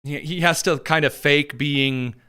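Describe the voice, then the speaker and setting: A man's voice: fairly high pitch, fairly even intonation, measured pace, pushed and bright, clean tone. A man hosting a political commentary show, talking in a sarcastic, mocking way. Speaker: podcast host.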